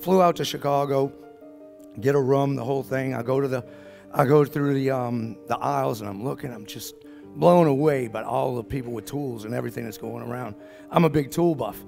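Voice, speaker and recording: A man's voice: mid-range voice, brisk, vocal fry, darkish tone, faint music behind. A middle-aged man from the New Orleans area with a New Orleans accent, telling a folksy story at a business talk and acting out the dialogue. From New Orleans area, Louisiana. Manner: folksy, acts out quoted dialogue. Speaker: speaker at a business summit.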